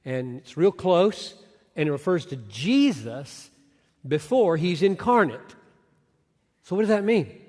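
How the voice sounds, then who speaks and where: A man's voice: on the high side, big pitch swings, slow, pauses often, a little mellow. A man giving an earnest Bible teaching lecture, asking rhetorical questions and restarting phrases as he thinks aloud. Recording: long hall reverb.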